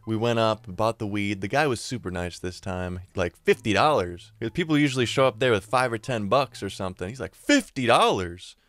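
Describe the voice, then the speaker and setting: Excitable young man telling a story. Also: brisk, few pauses, dry recording. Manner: excitable, slangy and profane, often rising in pitch and volume. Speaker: storyteller YouTuber. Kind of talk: casual storytime narration.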